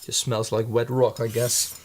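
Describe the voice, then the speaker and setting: A man's voice: mid-range voice, little pitch movement, a little slow, background noise. A man who makes his own paints, chatting casually in his studio while thinking aloud, hesitant and rambling with many restarts. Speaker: handmade paint maker.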